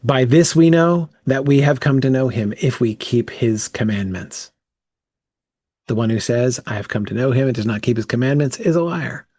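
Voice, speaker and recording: A man's voice: mid-range voice, expressive, normal speed, a little mellow, no room sound, clean studio sound. A man leading a casual bible study, thinking aloud with frequent "um" and "right?" as he works through the text.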